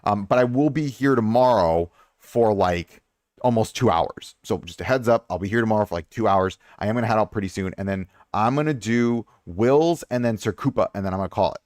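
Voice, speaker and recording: A young adult man with a lowish voice rambles casually through a live stream, giving game advice. He repeats points for emphasis. The sound is dry and close, with no room around it. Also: brisk, darkish tone, no room sound. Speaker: streamer reviewing viewers' game accounts.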